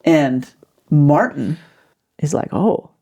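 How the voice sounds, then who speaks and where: A man hosting a podcast, telling a story in a casual, animated way with lots of fillers. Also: medium pitch, normal speed, creaky. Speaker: podcast host.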